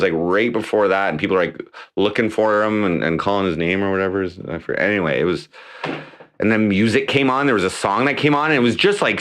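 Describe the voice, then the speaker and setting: A man's voice: fairly low pitch, fairly bright tone. A man hosting a casual livestream from home, rambling and profane, with many restarts. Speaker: livestream host; mayoral candidate.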